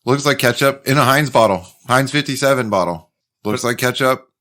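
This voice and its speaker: A man telling travel stories in a deadpan, matter-of-fact way on a casual podcast. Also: mid-range voice, normal speed. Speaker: podcast co-host. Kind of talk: casual chat.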